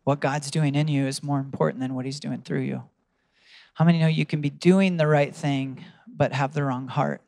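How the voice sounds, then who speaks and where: A man's voice: medium pitch, steady tone, normal speed, vocal fry, a little mellow, no room sound. A man preaching a sermon, telling a story earnestly and asking his congregation questions.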